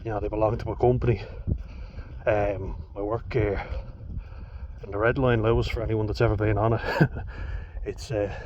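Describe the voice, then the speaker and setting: A man's voice: on the low side, moderate pace. An Irish man talking in a rambling, casual monologue, swearing freely and going off on chatty asides. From Ireland. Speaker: vlogger. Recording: dull lo-fi audio with steady noise.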